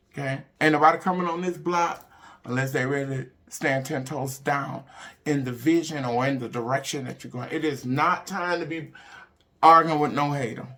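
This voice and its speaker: A woman, hosting a casual motivational talk for her viewers, animated and emphatic, swinging between loud bursts and hushed asides. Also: low-pitched. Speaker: online show host.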